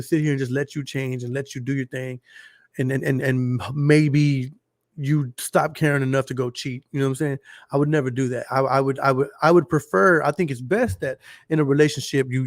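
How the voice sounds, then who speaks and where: A man's voice: medium pitch, steady tone, fairly quick, no room sound, clean studio sound. A man with a Texas accent hosting a casual solo podcast, blunt and profane, talking straight to his listeners. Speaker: podcast host.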